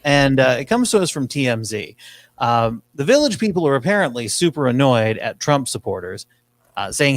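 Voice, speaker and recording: A man's voice: medium pitch, very animated, moderate pace, no room sound. A man hosting a podcast, riffing sarcastically on news clips in casual chat. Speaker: podcast host.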